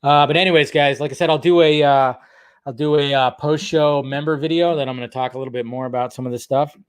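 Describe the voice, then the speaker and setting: A man's voice: mid-range voice, fairly even intonation, fast talker, clean tone. A man hosting a casual livestream, rambling and self-deprecating as he chats with viewers. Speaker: YouTube livestream host.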